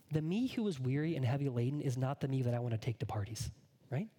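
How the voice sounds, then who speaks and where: A man preaching a sermon as a pastor, earnest, sometimes dropping to a hushed whisper. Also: on the high side, breathy edge.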